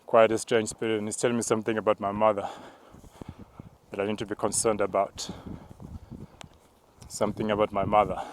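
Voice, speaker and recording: Climbing a mountain trail outdoors, a low-voiced apostle describes his spiritual walk in a calm, measured manner, with occasional bursts of speaking in tongues. There's little rise and fall in his voice, and a bit of background noise can be heard.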